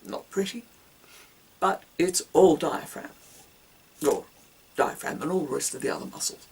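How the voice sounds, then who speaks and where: A woman's voice: fairly low pitch, moderate pace, a little mellow, husky, distant mic, poor audio. A woman giving a casual singing lesson, demonstrating breathing exercises with whoops, grunts and hisses. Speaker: singing teacher.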